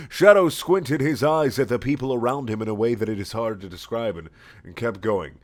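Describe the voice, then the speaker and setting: A man's voice: medium pitch, brisk. A man giving a sarcastic, mocking comic reading of a fan story, swearing and cracking up as he goes. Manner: sarcastic, swearing, often laughing. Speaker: reader.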